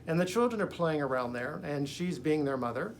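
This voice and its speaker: A man's voice: on the high side, lively intonation, fairly quick, slight background noise. A man casually retelling a dream in a rambling, conversational way, with lots of fillers and blunt swearing. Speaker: video creator recounting a dream.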